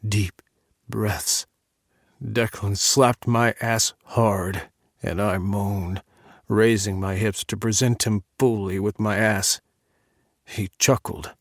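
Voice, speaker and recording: A man narrating a first-person audiobook in a measured, intimate reading on a close studio mic. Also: on the low side, fairly even intonation, no echo.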